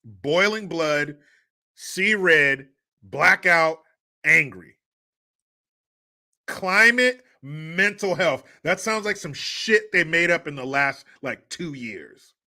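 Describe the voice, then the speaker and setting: A man's voice: a little high, expressive, slow pace, pushed and bright. A man hosting a podcast, ranting in a crude, mocking, profane way and laughing scornfully. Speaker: podcast host. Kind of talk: solo commentary rant.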